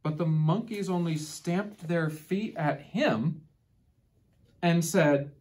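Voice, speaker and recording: A woman storyteller reading a picture book aloud to children, expressive and deliberate, who then asks the listeners about its lesson. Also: fairly low pitch.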